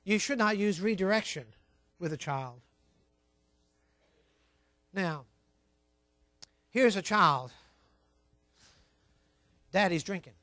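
A man preaching a sermon, emphatic and repetitive, telling his listeners to write points down, swinging between quiet asides and loud stressed words. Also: high-pitched, animated, slow pace, long pauses, no echo. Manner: emphatic, repeats key points, tells listeners to write things down. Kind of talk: sermon on child training.

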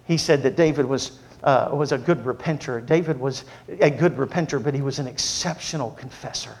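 A man preaching a sermon, moving from humorous storytelling to earnest, quieter exhortation. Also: mid-range voice, fairly quick, vocal fry.

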